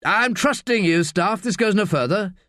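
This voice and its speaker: A man's voice: high-pitched, animated, normal speed, sharp tone, no room sound, clean studio sound, pitched above the performer's own voice. A man voicing a bossy, agitated senior male police officer, swearing and barking orders.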